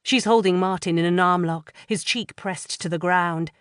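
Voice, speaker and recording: Low-voiced woman narrating a thriller. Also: clear, resonant tone, dry recording, clean studio sound. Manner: measured, tense storytelling. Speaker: audiobook narrator. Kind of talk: scripted first-person thriller narration.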